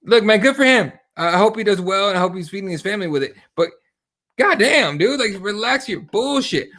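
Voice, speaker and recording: High-pitched man, profane podcast chatter. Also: a little fast. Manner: profane, animated storytelling with quoted exchanges. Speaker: podcast co-host. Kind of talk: casual podcast chat.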